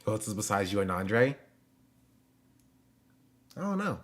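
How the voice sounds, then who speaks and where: Low-voiced young man streaming. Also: sing-song, measured pace. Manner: loose and joking, talks to chat with slang and fillers. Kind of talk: casual live-stream chat. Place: home.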